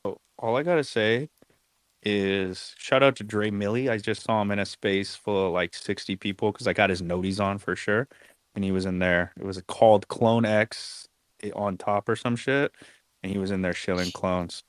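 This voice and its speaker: A man trading jokes in easy slang on a live audio chat. His voice sits a little low and comes through dry, with no room sound around it. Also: steady tone, moderate pace, clear, resonant tone, no room sound. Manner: loose, joking, slangy. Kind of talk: casual chat.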